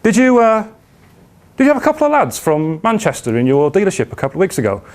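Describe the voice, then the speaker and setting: A man's voice: high voice, huge pitch swings, quick pace, pitched above the performer's own voice. A man playing a smug car dealer.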